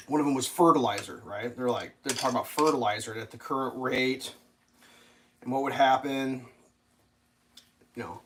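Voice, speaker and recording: A man live streaming and chatting casually over breakfast, rambling and profane, with plenty of fillers. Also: mid-range voice.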